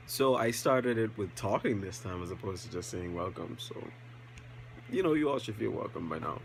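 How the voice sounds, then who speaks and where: Young man, low voice, casual vlog talk, rambling with fillers, faint background noise. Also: brisk, poor audio. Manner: relaxed, rambling, self-aware, with many fillers. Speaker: vlogger.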